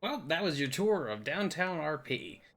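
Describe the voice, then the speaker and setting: A man's voice: a little high, big pitch swings, moderate pace, a bit bright. A young man giving a rambling, goofy tour of a game map, joking and putting on silly voices now and then. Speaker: game video host.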